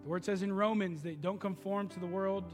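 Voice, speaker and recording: A man's voice: sits high, brisk, big-room sound, soft background music. A man preaching a sermon as pastor, telling stories in a loose, conversational way. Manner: conversational storytelling preaching, animated.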